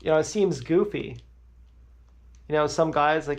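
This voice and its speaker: A man's voice: fairly high pitch, measured pace, dull audio. A man livestreaming, telling crude, rambling stories in a blunt way.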